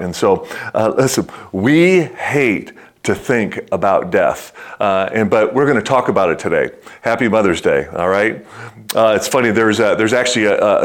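Middle-aged male pastor, casual storytelling sermon delivery, halting with fillers, sobers down low for weighty lines. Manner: storytelling with many fillers and restarts, dropping low and slow for serious words.

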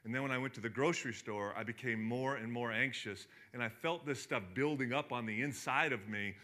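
Pastor guy preaching, chatty and rambly, bright tense voice, lots of stops and restarts. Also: mid-range voice, brisk. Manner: conversational, rambling with many restarts and fillers. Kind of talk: sermon.

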